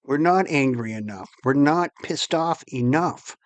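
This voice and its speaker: A man's voice: fairly high pitch, lively intonation, a little slow, hardly any pauses, no echo. A man ranting angrily and profanely to his viewers as host of his channel. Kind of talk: angry monologue to camera.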